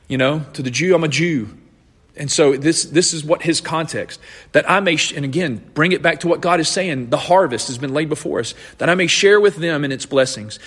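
A man's voice: fairly high pitch, long reverb tail. A man preaching a sermon as pastor, earnestly explaining scripture and often restarting his phrases.

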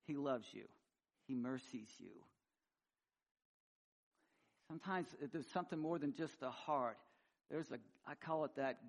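A middle-aged man preaching a sermon, swinging between loud, high emphasis and quiet, low asides. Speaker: pastor.

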